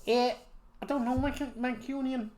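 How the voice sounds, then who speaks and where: A man's voice: high voice, lively intonation, fairly quick, echoey room. A man co-hosting a casual chat, joking around and trying out regional accents. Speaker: co-host.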